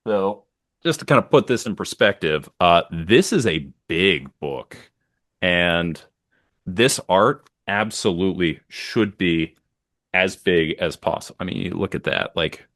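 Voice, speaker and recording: A deep-voiced man talks eagerly and at length, circling back with fillers as he goes. His voice is low and close, with no room around it. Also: animated, a little slow, fairly bright tone, no echo. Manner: enthusiastic, rambling with many fillers. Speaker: podcast co-host. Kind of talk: casual chat.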